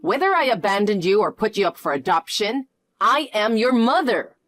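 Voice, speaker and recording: A woman's voice: medium pitch, very animated, normal speed, a bit bright, dry recording, studio quality, faint music behind. A woman voicing a greedy, pushy middle-aged birth mother who demands money, in a scripted story reading. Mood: demanding. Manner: demanding, wheedling.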